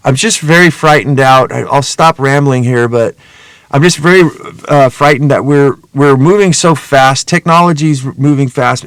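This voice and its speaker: A man's voice: mid-range voice, fairly bright tone, no echo. A middle-aged man hosting a podcast, talking in a casual, rambling, earnest monologue full of swearing. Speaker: podcast host.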